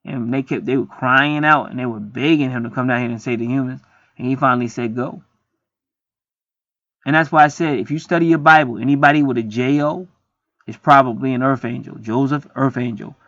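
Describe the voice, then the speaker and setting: A man's voice: mid-range voice, quick pace, a bit bright, no echo. A man talking in a rambling, profane, preachy casual monologue as host of a spiritual video. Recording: dry, dull lo-fi sound.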